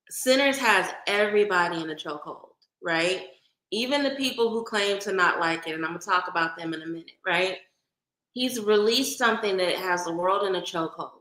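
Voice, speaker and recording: A woman's voice: mid-range voice, bright, forceful tone, echoey room, low-quality recording. A woman from Oakland with a light Bay Area accent, chatting casually with viewers on a livestream and greeting them by name. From Oakland, California. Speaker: livestream host.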